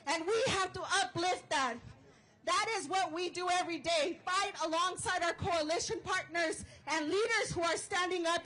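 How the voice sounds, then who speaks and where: A woman giving a fired-up speech at an outdoor protest rally, shouting chants and leading call-and-response. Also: very high-pitched, poor audio. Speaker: rally speaker and organizer.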